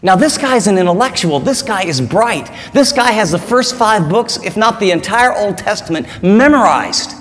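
A man's voice: high-pitched, lively intonation, normal speed, few pauses, a bit bright, slight background noise. A male pastor preaching a sermon in an emphatic, conversational way, often posing rhetorical questions, recorded with the long reverb of a large hall.

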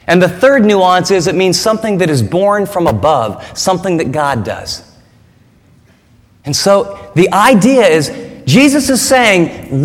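A male pastor preaching a sermon in an emphatic, conversational way, often posing rhetorical questions, recorded with the long reverb of a large hall. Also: high voice.

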